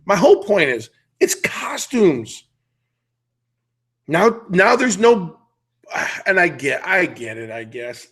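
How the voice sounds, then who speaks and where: A middle-aged man hosts a casual podcast chat, ranting about whatever is on his mind. He talks in a blunt, animated way, and his voice sits a little higher than most men's. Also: takes it slowly, pauses often, breathy edge. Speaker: podcast host.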